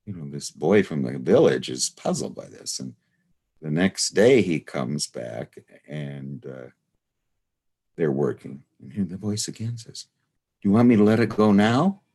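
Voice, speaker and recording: A man's voice: rumbling low, creaky, darkish tone, husky. A man leading a study group online, telling anecdotes in a meandering, casual lecture full of "you know" and "uh".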